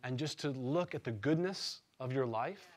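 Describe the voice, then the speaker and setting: A male pastor in his thirties preaching in a relaxed, storytelling way, self-deprecating and often checking that his listeners follow along. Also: medium pitch, moderate pace. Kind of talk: conversational storytelling sermon.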